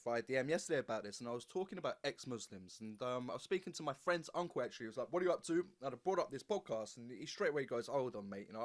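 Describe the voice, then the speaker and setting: A man hosting a podcast, asking questions and retelling anecdotes in a relaxed, conversational way. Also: medium pitch. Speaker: podcast host. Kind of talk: casual interview chat.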